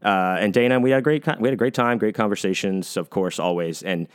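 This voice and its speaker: A man's voice: on the low side, fast, clean tone. A man hosting a podcast on his own, talking casually and rambling, with lots of swearing and fillers. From United States. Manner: rambling, profane, many fillers and restarts. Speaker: podcast host. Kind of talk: casual solo podcast monologue.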